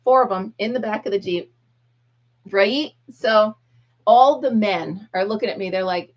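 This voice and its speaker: On a muffled recording, a middle-aged woman speaks at normal speed in a medium pitch. She's hosting a live stream, chatting with viewers and acting out the lines of the people in her story.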